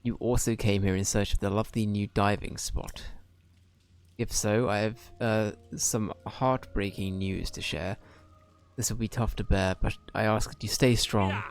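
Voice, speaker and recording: A man's voice: on the low side, steady tone, measured pace. A man reading out the lines of a melodramatic diver in a video game, in a theatrical way. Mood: mournful. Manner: reads game dialogue aloud, theatrical. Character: melodramatic diver mourning missing water.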